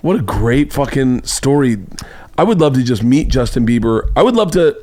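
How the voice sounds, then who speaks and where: Man, podcast host, quick reactive chatter, casual talk. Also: mid-range voice, big pitch swings, darkish tone. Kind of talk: casual chat.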